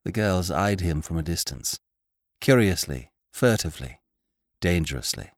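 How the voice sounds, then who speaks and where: A man narrating a classic short story as an audiobook host, in a measured, expressive storytelling manner. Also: low voice, no echo, clean studio sound. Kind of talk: scripted narration.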